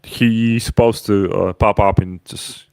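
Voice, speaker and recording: A man's voice: fairly low pitch, steady tone, a little slow, vocal fry, a little mellow, smooth, no room sound. A man from Poland hosting a game stream, playful and bantering in casual chat.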